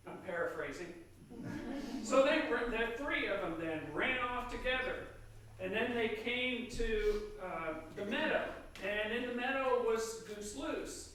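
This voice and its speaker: High-voiced priest in an echoey church. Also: male voice, a little slow, recorded from a distance, slight background noise. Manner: relaxed, loose paraphrasing with fillers. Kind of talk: sermon, storytelling. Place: church sanctuary.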